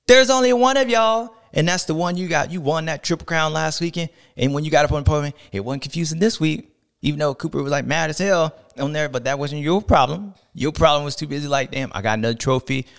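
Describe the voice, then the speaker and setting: A man hosting a casual sports podcast, talking in a playful, animated way and drawing out and shouting words for emphasis. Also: a little high, fairly quick, creaky, clean tone. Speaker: podcast host.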